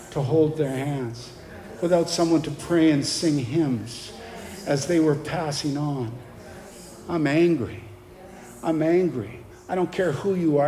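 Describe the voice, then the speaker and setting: A man preaching a sermon with passion, pressing his points with forceful emphasis and asking the congregation for replies. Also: fairly high pitch. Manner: impassioned, rising to forceful emphasis, call-and-response. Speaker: pastor. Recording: long hall reverb, faint background noise.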